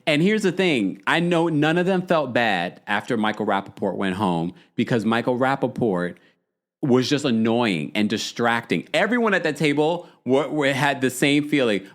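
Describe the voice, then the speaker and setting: A man hosting a live talk show, chatting in a casual, animated way and reading out comments from viewers. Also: medium pitch. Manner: animated, acts out quoted lines in shifting voices. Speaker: podcast host recapping reality TV.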